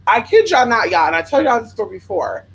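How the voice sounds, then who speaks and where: A spiritual worker telling rambling stories to viewers in a sassy, profane, animated way, often drifting into side tangents. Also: fast talker, vocal fry, husky, poor audio. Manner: profane, sassy and animated, with big pitch swings. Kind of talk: casual storytelling to viewers.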